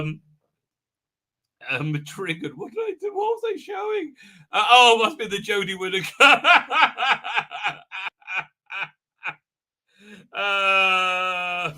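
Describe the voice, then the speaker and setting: A man's voice: sits high, bright, forceful tone. A middle-aged man hosting a casual livestream, rambling with many fillers and restarts. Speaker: livestream host.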